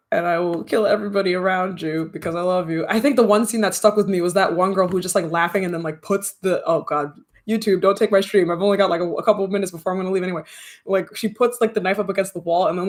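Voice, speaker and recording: A young adult streamer chatting casually with viewers, rambling, slangy and quick to laugh. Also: medium pitch. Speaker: streamer and audio creator. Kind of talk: casual livestream chat with viewers.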